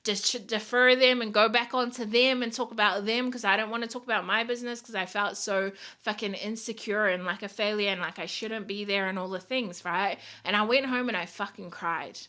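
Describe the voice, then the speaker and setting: A woman's voice: mid-range voice, steady tone, brisk, few pauses, pushed and bright. A woman giving a candid, motivational vlog talk as a small business owner, swearing freely and speaking with emphatic drive.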